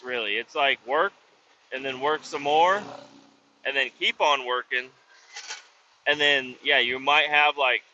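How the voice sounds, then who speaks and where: A roadside service worker tells rambling, profane stories in a casual vlog, loosely drifting from one to the next. His medium-pitched voice is pushed and bright, with slight background noise. The recording is dull and lo-fi with faint ambience.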